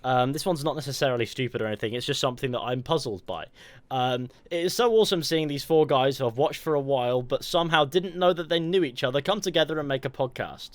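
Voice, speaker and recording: A man's voice: medium pitch, quick pace, no room sound. A man with a light Northampton accent tinged Northern and West Country, co-hosting a podcast in sweary, laughing banter. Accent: light Northampton mixed with Northern and West Country. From England. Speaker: podcast co-host. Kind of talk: casual chat.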